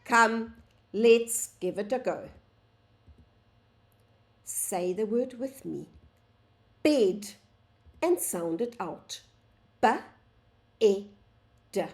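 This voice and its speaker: Slow sing-song woman teaching phonics. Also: medium pitch, lively intonation. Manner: slow, sing-song, sounds out letters, addresses "boys and girls". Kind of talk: phonics lesson for young children.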